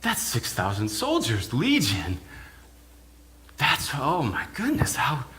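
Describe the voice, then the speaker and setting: A man's voice: mid-range voice, huge pitch swings, slow pace, pushed and bright, exaggerated voice. A male minister preaching in character as an awed village pig herder, telling his story in the first person with hesitant, often repeated words. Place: church.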